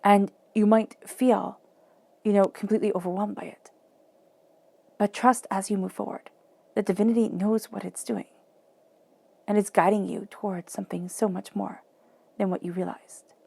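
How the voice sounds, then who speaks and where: A woman's voice: mid-range voice, little pitch movement, normal speed, creaky, pauses often, darkish tone, dry recording. A woman giving a flowing, encouraging tarot reading, often acting out quoted self-talk. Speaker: tarot reader.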